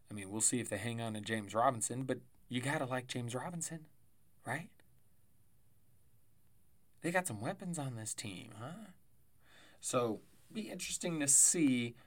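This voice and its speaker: Male solo podcast host, mid-pitch, loose and rambling, sounds tired. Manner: rambling, chatty, self-correcting with asides and laughs. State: tired, yawning. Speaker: fantasy football podcast host. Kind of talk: casual solo sports podcast.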